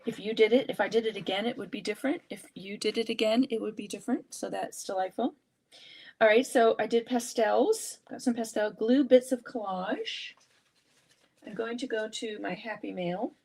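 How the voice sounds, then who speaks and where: A woman's voice: fairly high pitch, normal speed, a little mellow, breathy edge. A woman hosting a live art journaling session, chatting and thinking aloud as she works through a casual craft demonstration.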